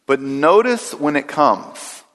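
A man preaching a sermon in a church, earnest and steady, slowing down and repeating key phrases for weight. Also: a little high. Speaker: pastor. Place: church sanctuary. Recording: long hall reverb.

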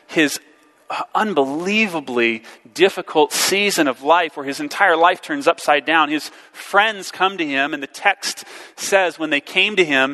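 A man's voice: on the high side, pushed and bright, long reverb tail. A man preaching a sermon, earnest and searching, posing rhetorical questions and repeating words as he works through a passage.

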